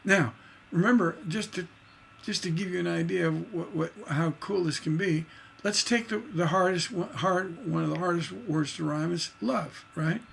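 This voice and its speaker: A man's voice: high-pitched, normal speed, vocal fry, a bit bright, slight background noise. A man teaching songwriting on a livestream, enthusiastic and singing rhythm syllables to show his points. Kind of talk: livestream lesson.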